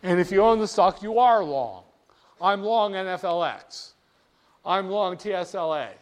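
Slow, emphatic man teaching a class. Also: high voice. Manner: emphatic, drills terms, asks students to repeat. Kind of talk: classroom lecture.

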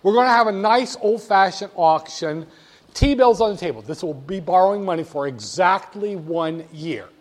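Man, lecturer, classroom talk, playful, teasing, high-pitched. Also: lively intonation, moderate pace. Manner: playful, teasing, talks straight to students.

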